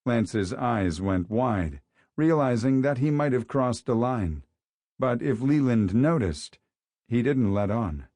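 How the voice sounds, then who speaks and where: A man narrating an audiobook in a steady, even storytelling manner, recorded in a studio. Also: medium pitch, slow pace, dry recording. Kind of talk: scripted narration.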